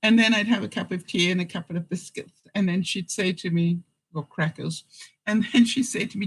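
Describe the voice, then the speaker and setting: A man with a rather high voice chats loosely to his vlog audience. He rambles through stories with plenty of fillers and frequent chuckles. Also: steady tone, brisk, fairly bright tone, low-quality recording. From England. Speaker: vlogger host. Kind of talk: casual chat answering viewers.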